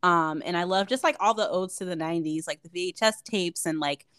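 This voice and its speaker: A woman's voice: lowish voice, fairly quick, a bit bright, clean tone, no echo, clean studio sound. A woman co-hosting a podcast in casual chat, talking in a gushing way with constant "like" fillers. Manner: chatty and gushing, heavy use of "like". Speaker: podcast co-host.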